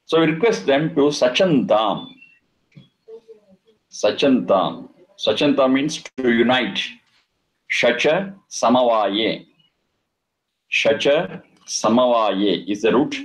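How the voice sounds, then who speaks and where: Man, unhurried scripture lesson, chants and repeats terms. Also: mid-range voice, animated, rough recording. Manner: slow and deliberate, repeating and chanting Sanskrit terms. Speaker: Vedic teacher. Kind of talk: scripture lesson explaining Sanskrit words.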